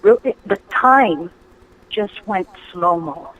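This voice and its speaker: A woman caller telling a ghost story on a radio call-in show, lively and full of ums and restarts. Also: medium pitch, slow pace, poor audio. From Hawaii. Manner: animated storytelling, acting out her own quoted lines; hesitant, frequent ums and restarts.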